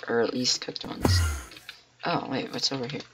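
A man giving excitable let's play commentary, talking to himself with frequent exclamations at a desktop mic. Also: mid-range voice, moderate pace, music in the background. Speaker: gamer.

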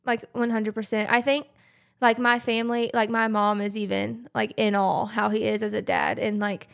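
Soft-spoken young woman guest. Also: medium pitch, level tone, normal speed, creaky. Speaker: podcast guest. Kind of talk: casual chat.

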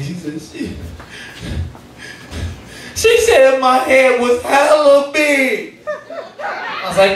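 A male stand-up comedian telling profane stories about fatherhood to a live audience, with shouted punchlines. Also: very high-pitched, huge pitch swings, slow, long pauses, some chatter behind. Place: comedy club stage before a live audience. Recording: echoey room, mic heard from a distance, audience noise.

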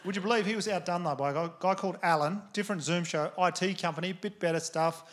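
A man's voice: sits high, quick pace. A man with an Australian accent doing a stand-up comedy set, laid-back and laughing through his lines.

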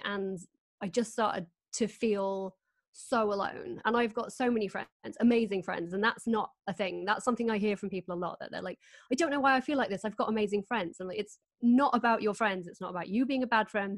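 A woman's voice: medium pitch, no echo. A woman, hosting a casual video-call chat, candid and laughing often as she tells stories. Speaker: host.

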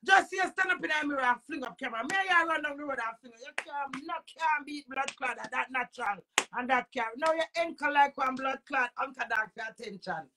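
A woman with a Jamaican accent ranting to camera as a social media personality, emphatic and preachy, swinging between loud outbursts and low muttering. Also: a little fast, noisy background.

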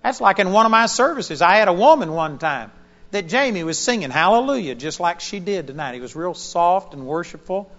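Male preacher, high and lively delivery, sermon taped live in a church auditorium. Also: fairly quick. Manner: animated storytelling, emphatic. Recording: dull lo-fi sermon recording.

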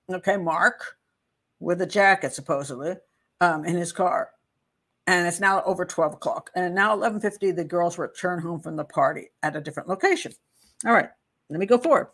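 A woman's voice: lowish voice, lively intonation, moderate pace, fairly bright tone. A middle-aged woman hosting a true crime channel, walking through a case file in a chatty, digressive way and laughing at her own asides. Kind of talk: casual case walkthrough, reading statements aloud.

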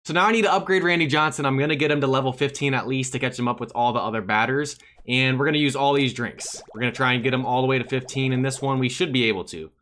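A man casually narrating his mobile baseball game, talking to viewers and cheering loudly at big plays. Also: medium pitch, fast, few pauses, a little hiss or hum. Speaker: gaming channel host.

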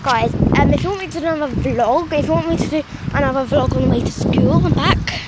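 Young woman, high voice, out of breath, chatty and rambling, loud outdoor noise. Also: fast. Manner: rambling, chatty, many fillers. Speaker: vlogger. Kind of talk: casual vlog while walking a dog. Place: outdoors in a park.

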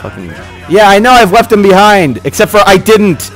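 A man giving gameplay commentary, exasperated and swearing, yelling at the characters on screen. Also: high-pitched, sing-song, normal speed, soft background music. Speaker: let's play host.

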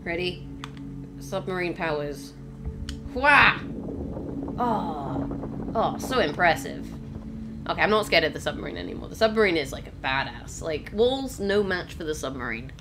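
A woman's voice: deep voice, animated, a little fast, music in the background. Chatty woman narrating gameplay. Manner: chatty, exclaiming, addresses viewers. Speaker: let's play host. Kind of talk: casual gameplay commentary. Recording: game sound clearly behind voice. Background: game ambience.

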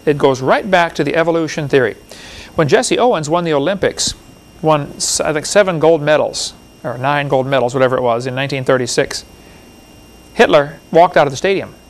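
A man giving a classroom lecture, reading book passages aloud in an impassioned, rambling way with a gravelly voice. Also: fairly high pitch, brisk.

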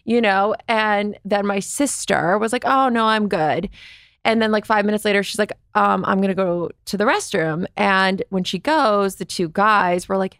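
A woman's voice: medium pitch, unhurried, a bit bright, no echo, studio quality. A woman guest on a podcast, telling candid stories in a chatty way, filling her speech with "like" and acting out what people said. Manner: chatty, fills speech with "like", acts out quoted voices. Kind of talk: candid storytelling.

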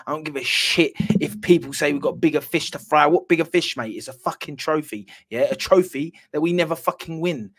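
A man's voice: medium pitch, moderate pace, a bit bright. A man giving an angry, sweary reaction after his team loses a football match. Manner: furious, swearing, repeats himself. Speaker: football fan channel host.

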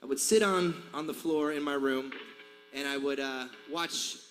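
A man's voice: on the high side, normal speed, a bit bright, soft background music. A man in his forties chatting and laughing with a concert crowd between songs, telling rambling stories. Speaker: singer addressing a concert crowd. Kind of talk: onstage banter. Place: large concert venue on stage. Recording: live hall reverb, faint crowd noise.

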